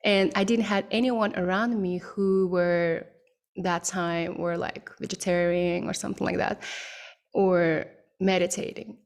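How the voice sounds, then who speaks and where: A woman speaking slowly and thoughtfully as a podcast guest, with frequent ums and pauses. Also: fairly low pitch, fairly even intonation, creaky. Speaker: podcast guest, mindset coach. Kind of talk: relaxed podcast conversation.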